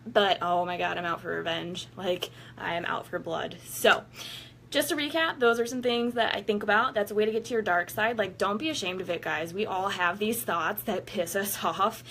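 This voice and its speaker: A woman vlogging about her workouts in a candid, unfiltered way, swearing freely and laughing as she goes. She talks at an ordinary pitch and slips into little voices to act out quotes. A faint hiss of background noise sits under her voice. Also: normal speed, a bit bright. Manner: blunt and profane, laughing often, acting out quotes. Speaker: vlogger giving workout motivation. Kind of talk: casual candid monologue to viewers.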